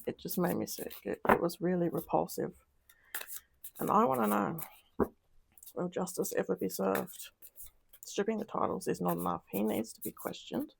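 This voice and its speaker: A woman's voice: lowish voice, normal speed, creaky, long pauses, a little hiss or hum. A woman doing a casual tarot reading, talking in an upset, emotional way with sighs and trailing sentences. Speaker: tarot reader.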